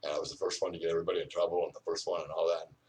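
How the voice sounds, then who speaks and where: A man's voice: deep voice, little pitch movement, very fast, a little mellow, far from the mic. An older man rambling and ranting outdoors, full of "you know" fillers. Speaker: vlogger.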